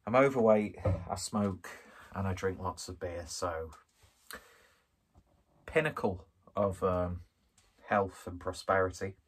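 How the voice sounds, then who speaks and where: This beer review comes from a northwest England man, from Skelmersdale, who keeps it casual, rambling and jokey at his own expense. His voice sits low and is slightly rough, and he goes slowly with frequent pauses.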